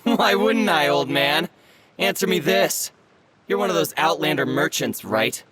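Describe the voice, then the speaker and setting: An actor playing a contemptuous local thug in a video game, taunting and sneering. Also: male voice, a little high, expressive, a little slow, noisy background.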